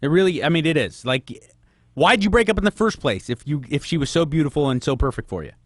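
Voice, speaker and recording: A man's voice: on the high side, expressive, fast talker, dry recording. A man hosting a call-in radio advice show, giving frank advice and firing off probing questions. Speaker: radio host.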